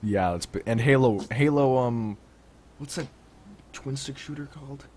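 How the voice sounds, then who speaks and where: A man's voice: mid-range voice, moderate pace, a little mellow, slight background noise. A man hosting a casual gaming podcast, talking in an offhand, dry way and swearing now and then. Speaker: podcast host.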